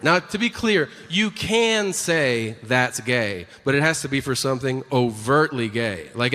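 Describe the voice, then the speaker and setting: A man doing a stand-up comedy set, talking in a dry, conversational way and slipping into quick voices for the people in his stories. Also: medium pitch, in a large hall, background noise. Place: theater stage before an audience.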